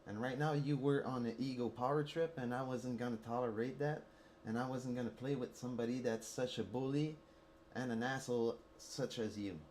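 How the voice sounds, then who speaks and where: A man's voice: medium pitch, steady tone, moderate pace, darkish tone, slight background noise. A man with a Quebec French accent, ranting heatedly and profanely at a teammate while streaming a mobile game. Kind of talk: angry rant while streaming gameplay.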